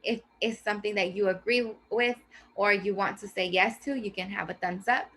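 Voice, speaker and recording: A woman teacher explaining a reading strategy to her class in a clear, slow, teacherly way. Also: medium pitch, fairly bright tone. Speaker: teacher presenting a reading lesson. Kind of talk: scripted classroom presentation.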